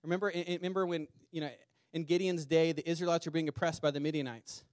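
An earnest male pastor delivering a sermon to a small congregation, his voice sitting a touch high for a man. He repeats phrases and slows down to press a point home. The sound is close and dry, with little room echo. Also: fairly even intonation, a little mellow. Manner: earnest, repeats words, speeds up and slows for emphasis. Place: small church meeting in a community center.

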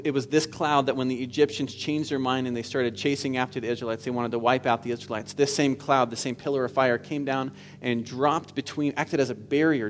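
A man's voice: mid-range voice, slight background noise. A man preaching a sermon in an earnest manner, rising at times to fervent exclamation. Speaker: pastor.

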